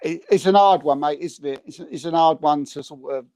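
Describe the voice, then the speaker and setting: A man's voice: fairly high pitch, fairly quick, warm tone, no room sound. A man, a podcast co-host in casual football chat, talking in a rambling, heated, mocking way and repeating words.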